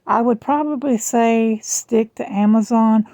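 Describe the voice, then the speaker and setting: A middle-aged woman with a Southern US accent, rambling chattily in a casual vlog, her voice strained and rough. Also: fairly high pitch, unhurried, warm tone, dry recording. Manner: chatty, rambling, self-deprecating. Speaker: jewelry vlogger. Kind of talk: casual chat. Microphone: phone camera.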